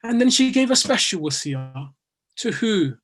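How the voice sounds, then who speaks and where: A man's voice: big pitch swings, measured pace. Man delivering a mournful sermon. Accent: British English. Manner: storytelling, grows softer and lower in sorrowful passages, rising with emotion at others. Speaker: speaker at a majlis. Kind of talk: religious sermon, recounting and lamenting.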